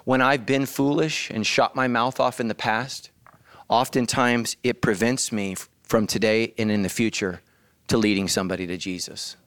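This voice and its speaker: A man preaching a sermon as the pastor, animated and bursting into loud shouts. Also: on the low side, normal speed, clear, resonant tone, dry recording. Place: church.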